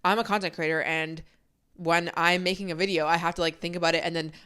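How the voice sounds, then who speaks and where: A woman's voice: lowish voice, steady tone, fast, fairly bright tone, clean tone. A young woman hosting a podcast, chatting casually and candidly at home into a microphone, with plenty of "like" fillers. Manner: chatty and candid, heavy use of "like". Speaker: podcast host. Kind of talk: casual chat. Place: home, filming for video. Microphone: studio microphone.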